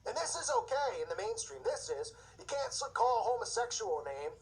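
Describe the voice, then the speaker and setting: A man's voice: extremely high pitch, very animated, a little fast, poor audio. A man hosting his own show, delivering an agitated, indignant religious commentary rant with mocking asides. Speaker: show host.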